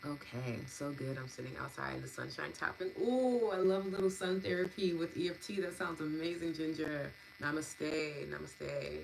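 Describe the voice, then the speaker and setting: A woman's voice: low-pitched, brisk, creaky, hardly any pauses, noisy background. A woman hosting a live EFT and meditation stream. She thanks viewers by name, laughs often and gushes as she reads their comments. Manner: warm, gushing, laughs often, lots of fillers. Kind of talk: live-stream wrap-up, reading chat comments.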